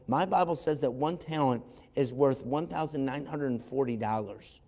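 A man preaching a sermon as an animated storyteller who acts out voices and adds wry asides, recorded in a church sanctuary. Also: mid-range voice, moderate pace, vocal fry. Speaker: pastor. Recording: long hall reverb.

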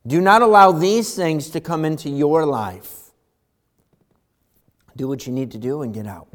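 A middle-aged male pastor preaching a sermon, swinging from loud emphatic lines to hushed ones. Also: fairly high pitch, unhurried.

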